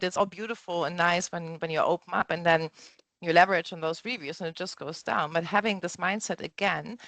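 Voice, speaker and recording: Lower-voiced woman hosting an interview. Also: fairly bright tone, no echo. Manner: enthusiastic, chatty, many "right?" tags. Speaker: podcast host. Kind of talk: casual interview chat.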